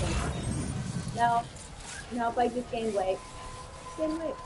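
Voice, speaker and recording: A woman streamer chatting casually while she games, telling stories in an animated way, acting out quotes and swearing freely. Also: on the high side, a little slow, background noise. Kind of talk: casual chat while gaming.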